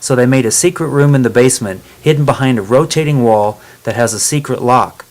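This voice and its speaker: A man narrating a chapter of a travel novel in a steady, plain reading voice. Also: medium pitch. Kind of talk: storybook narration.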